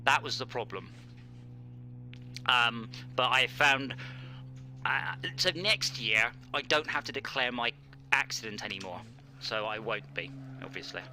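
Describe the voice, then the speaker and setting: While streaming a racing game, a man chats casually and jokes, rambling with fillers. His medium-pitched voice is expressive, pushed and bright, and he speaks unhurriedly with long pauses. There's slight background noise.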